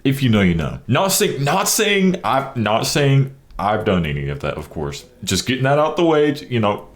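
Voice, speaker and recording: Lively male reaction host. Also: mid-range voice, normal speed. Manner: animated, incredulous, laughs a lot. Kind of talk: casual reaction commentary.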